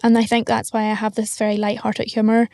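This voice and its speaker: A woman's voice: a little high, completely flat delivery, quick pace, vocal fry, dark tone, no room sound, clean studio sound. A young woman with a Northern Irish accent, talking bluntly and frankly as an interview guest. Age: young adult. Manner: blunt, matter-of-fact, frank. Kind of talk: candid interview talk.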